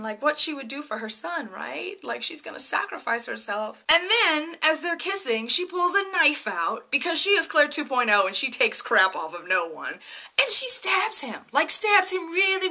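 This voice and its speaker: A young woman chatting excitedly through a casual TV episode review, full of fillers and "right?". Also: sits high, normal speed. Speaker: TV review vlogger.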